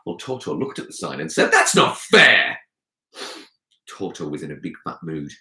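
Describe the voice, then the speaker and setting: A man's voice: rumbling low, fast talker. A male children's author telling a story live to young children, talking to them directly. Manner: animated, addresses children directly. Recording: roomy echo.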